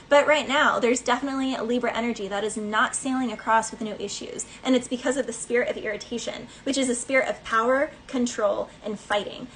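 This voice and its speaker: A woman's voice: a little high, fairly bright tone, a little hiss or hum, low-quality recording. A woman giving a casual collective tarot reading, chatty and rambling, with many fillers and snatches of song. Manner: breaks into bits of song. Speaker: tarot reader.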